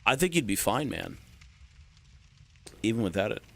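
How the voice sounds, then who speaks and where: This lowish, creaky male voice is very animated and moves at a normal speed. Streaming a game, he banters with his chat, cracking jokes, cursing frequently, and wandering off on tangents.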